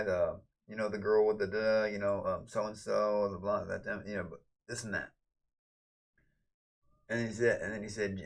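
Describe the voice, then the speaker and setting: A man's voice: on the low side, fairly bright tone. A man chatting casually on a livestream, rambling and ranting, cursing freely and thanking viewers.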